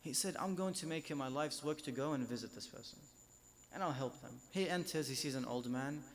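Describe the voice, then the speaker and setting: A man's voice: mid-range voice, brisk. A man delivering a religious lecture at an Islamic centre, speaking emphatically and building up force on repeated phrases.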